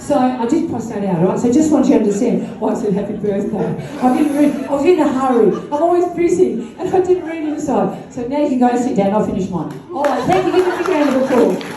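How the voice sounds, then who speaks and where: A woman's voice: sits high, animated, fast talker, few pauses, mellow. An older woman giving a rambling, chatty speech to an audience at a launch event, laughing between asides. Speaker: guest speaker at a launch event. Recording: echoey room from far off.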